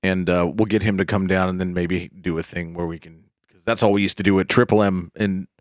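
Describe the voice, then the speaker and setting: A man's voice: low-pitched, fairly even intonation, fairly quick, no echo, studio quality. A man hosting a casual podcast, sweary and joking, rambling through anecdotes. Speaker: podcast host. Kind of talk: casual chat.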